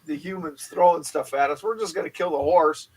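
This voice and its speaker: A man's voice: on the high side, fairly quick, slightly rough. A man voicing a pack of hungry lions that are set on a kill and pay no mind to anything else. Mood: brash. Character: hungry lions, brash and single-minded.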